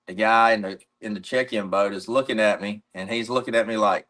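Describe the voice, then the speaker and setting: A man's voice: on the low side, steady tone, fairly quick, a bit bright. A middle-aged man from North Carolina, a pro angler, telling a long story in a casual, rambling way.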